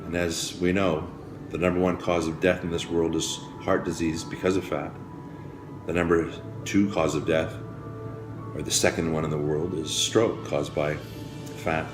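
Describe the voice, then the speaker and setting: Male motivational speaker, low voice, roomy sound, preachy and rousing by turns. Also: flat delivery, moderate pace. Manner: preachy, repetitive, swings from hushed to rousing. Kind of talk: motivational speech. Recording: roomy with faint music behind.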